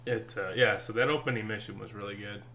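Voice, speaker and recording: Brief: male co-host, bright and forceful voice, laughs often, casual game talk. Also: fairly low pitch, steady tone, fast, slight background noise. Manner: laughs often, hesitant with ums. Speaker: podcast co-host. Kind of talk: casual gaming chat.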